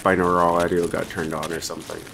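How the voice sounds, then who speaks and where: A man with a very low voice chats loosely while he plays, trailing off and restarting his thoughts. Keyboard and mouse clicks rattle clearly behind him on a noisy desk mic. It sounds like an at-home gaming stream. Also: completely flat delivery, quick pace, a bit bright. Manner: rambling, hesitant, filler-heavy. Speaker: streamer playing a shooter game. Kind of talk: casual gameplay chat. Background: keyboard typing and mouse clicks.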